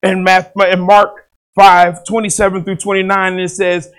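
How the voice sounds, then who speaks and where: A male pastor preaching a sermon at a Bible study, building to shouted passion and then reading scripture softly. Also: sits high, level tone, clear, resonant tone. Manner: impassioned, rising to shouts when retelling a plea; slows and drops soft when reading scripture aloud.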